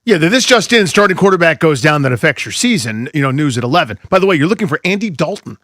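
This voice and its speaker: A man co-hosting sports talk radio who speaks quickly, his fairly high voice jumping all over. He riffs with exasperated asides, and he sounds dry and close on the mic. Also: dry recording. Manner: rapid, animated, riffing, exasperated asides.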